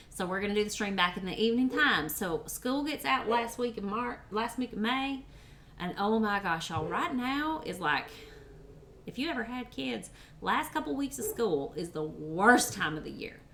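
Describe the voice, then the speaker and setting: In this casual cooking livestream, a woman with a mid-range, fairly bright voice talks to her chat as she cooks at home. Slight background noise comes through, mostly the clatter of pots, pans and dishes.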